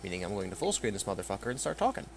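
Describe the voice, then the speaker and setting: A man's voice: fairly low pitch, sing-song, very fast, slight background noise. A man giving sarcastic, grumbling commentary over a video game, reading the dialogue aloud. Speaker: let's play commentator.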